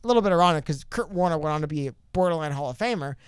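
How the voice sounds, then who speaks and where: A man co-hosting a casual political podcast, talking in a rambling, animated way with many asides and restarts. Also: on the high side, racing, clear, resonant tone, no echo, studio quality. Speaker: podcast co-host.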